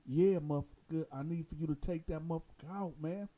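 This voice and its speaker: Man doing a furious inmate, loud and profane, mellow low tone. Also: normal speed, lightly acted. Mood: angry. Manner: heated, profane, pleading. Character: angry male inmate seeking revenge.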